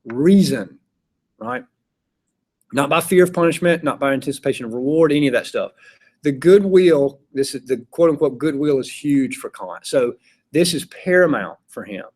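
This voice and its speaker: A man's voice: fairly high pitch, lively intonation, moderate pace, darkish tone. Chatty male philosophy teacher. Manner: chatty, acts out examples in voices. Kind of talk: casual classroom lecture. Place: classroom.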